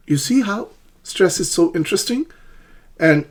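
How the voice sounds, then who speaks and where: Husky and mid-range, a man's voice swings widely in pitch as he teaches English pronunciation, going slowly and deliberately while stressing syllables in an exaggerated way.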